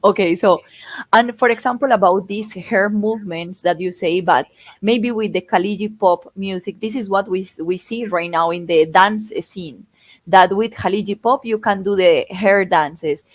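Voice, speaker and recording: A woman's voice: medium pitch, normal speed, dry recording. A woman interviewer, a native Spanish speaker, asking questions with enthusiasm and hesitant fillers.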